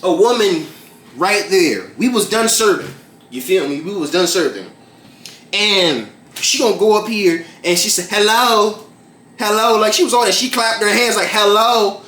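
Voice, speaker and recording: Young male cooking vlogger, slightly high voice, rambling and profane, echoey kitchen with faint music behind. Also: lively intonation, normal speed, fairly bright tone. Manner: rambling, profane, fillers like "like" and "bruh". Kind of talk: casual cooking vlog with storytelling. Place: home kitchen. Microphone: camera mic. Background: background music.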